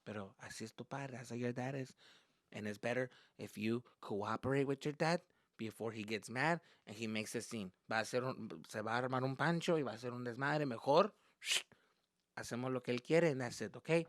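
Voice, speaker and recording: A man doing his soft, weary mom. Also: mid-range voice, a little fast, no room sound, studio quality, natural voice. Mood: resigned. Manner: hushed, pleading, resigned. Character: weary, placating Mexican mother, soft-spoken.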